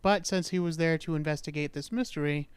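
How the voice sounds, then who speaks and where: A man's voice: a little high, fairly quick, clean tone, no room sound. A man hosting a podcast, casually telling a true-crime story in a chatty, self-mocking way. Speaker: podcast host.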